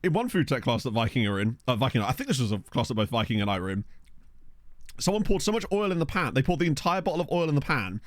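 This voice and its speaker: A man's voice: mid-range voice, sing-song, quick pace, no room sound. A young man chatting casually through a game livestream, jokey, sometimes eating as he talks. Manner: chatty and jokey, talking with his mouth full, laughing often. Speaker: streamer. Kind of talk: casual gaming livestream chat. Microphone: desk microphone.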